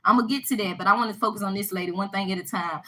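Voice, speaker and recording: A woman telling a personal story to her viewers in a casual vlog, animated and emphatic, often repeating herself. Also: medium pitch, very fast, low-quality recording. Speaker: vlogger addressing her viewers.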